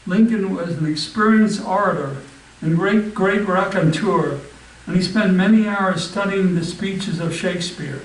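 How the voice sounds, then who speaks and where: A man giving a slow, deliberate reading of a famous speech and then a history talk, stumbling and restarting now and then. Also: high voice. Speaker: history club speaker. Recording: roomy, distant mic with faint background ambience.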